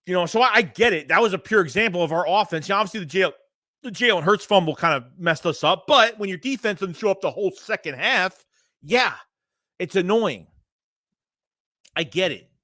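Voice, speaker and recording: A man's voice: high-pitched, animated, brisk, bright, forceful tone, dry recording, clean studio sound. A man hosting a casual sports livestream, ranting bluntly with profanity and repeating himself while reading chat messages. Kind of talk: casual fan rant reading live chat.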